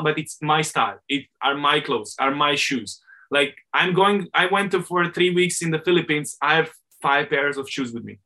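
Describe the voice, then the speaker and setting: A man's voice: fairly high pitch, sharp tone. A middle-aged man, a swim coach, talking candidly and animatedly in an interview, correcting himself as he speaks English as a second language.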